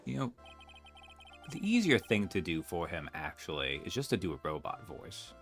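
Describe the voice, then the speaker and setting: A man's voice: sits low, sing-song, moderate pace, soft background music. A man giving casual, wry commentary while playing through a game. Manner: chatty, wry asides. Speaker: let's-play streamer.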